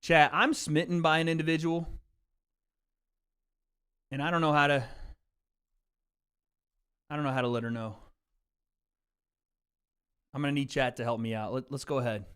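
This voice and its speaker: A man's voice: on the high side, fairly even intonation, normal speed, pauses often, a bit bright, clear, resonant tone. A man hosting a casual livestream, chatting loosely with his viewers through a desk mic and tossing in plenty of "bro" and "dude.". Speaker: livestream host. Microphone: desk mic with mixer.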